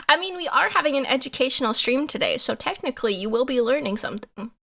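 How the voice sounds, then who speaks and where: A young woman streamer chatting casually with her viewers, giggly and animated, laughing often. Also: on the high side, quick pace, hardly any pauses. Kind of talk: casual live-stream chat.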